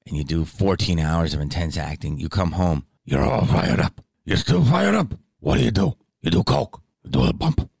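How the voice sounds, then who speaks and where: A man impersonating a famous older male film actor who is intense and fired up, with gruff, emphatic rhetorical questions. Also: deep voice, very animated, normal speed, hardly any pauses, darkish tone, no room sound, full character voice.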